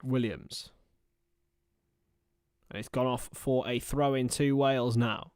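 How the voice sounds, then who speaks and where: A young man calls football over a livestream in a casual watchalong style, flitting between player names and loose, chatty tangents. His voice sits at an ordinary middle pitch. The sound is close and dry, with no room around it. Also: fairly even intonation, slow pace, darkish tone, clear, resonant tone, no echo. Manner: chatty, rambling asides between play-by-play. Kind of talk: casual watchalong match commentary.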